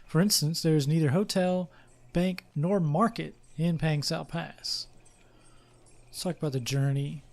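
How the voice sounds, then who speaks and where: A man's voice: a little high, steady tone, measured pace, creaky, a little mellow. A young man playing a game, chatting casually with fillers and reading its story text aloud. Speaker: let's play host.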